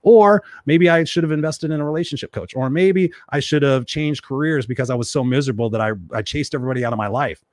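Male motivational host, quick, blunt, profane, dry close sound; keeps hammering the same point. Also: mid-range voice, no room sound. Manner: blunt, profane and emphatic, repeating phrases for force. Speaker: live-stream host reading viewer comments. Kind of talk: motivational live-stream talk.

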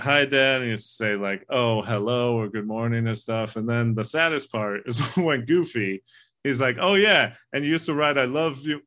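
A man's voice: mid-range voice, sharp tone. A man co-hosting a casual movie discussion, talking in an earnest, rambling way and swearing casually. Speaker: podcast co-host.

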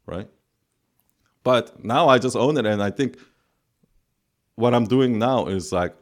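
Man, low voice, calm and soothing, rambling casual podcast talk, lots of fillers. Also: normal speed, long pauses. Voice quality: calm voice that listeners find soothing. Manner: rambling, with many filler words. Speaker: podcast co-host. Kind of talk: casual chat.

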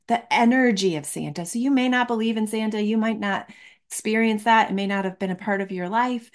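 A middle-aged woman hosting a podcast as a clarity coach, speaking in an earnest, reflective motivational monologue and slowing down to stress key words. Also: medium pitch.

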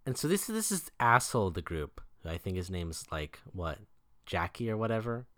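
A man's voice: sits low, big pitch swings, fairly quick, a bit bright, no echo, studio quality. A man co-hosting a casual movie podcast, recapping the plot in a laid-back way with lots of filler words. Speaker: podcast co-host.

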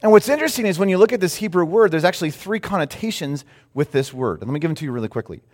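Animated male preacher in a reverberant hall. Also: on the high side, racing. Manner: animated storytelling, acts out quotes. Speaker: pastor. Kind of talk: sermon.

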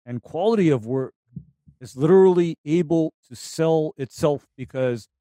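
A man in casual conversation, speaking about running a solo business in a deliberate, emphatic way, with halting phrasing. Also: on the high side, dark tone, dry recording. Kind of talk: casual chat.

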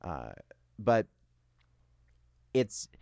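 Smooth-voiced relaxed young man. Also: lowish voice, very slow, dry recording, studio quality. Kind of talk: casual conversation.

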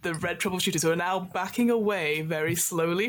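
A woman's voice: on the low side, moderate pace, slight background noise. A woman narrating a tabletop game as game master, describing scenes in a loose way with many fillers. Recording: echoey room.

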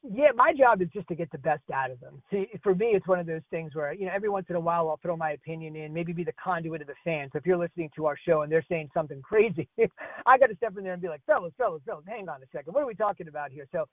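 A man from New Jersey, a sports broadcaster calling in as a guest on a radio interview, talking with energy in quick rapid-fire lists. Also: a little high, no echo. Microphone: phone line. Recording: tinny phone line.

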